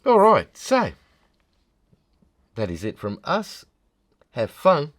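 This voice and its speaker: A man's voice: on the high side, huge pitch swings, slow pace, a bit bright. A man co-hosting a casual fluid art video, easygoing and teasing, sounding tired. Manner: easygoing, teasing, laughs often. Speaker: co-host of a fluid art channel. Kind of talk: casual chat while demonstrating.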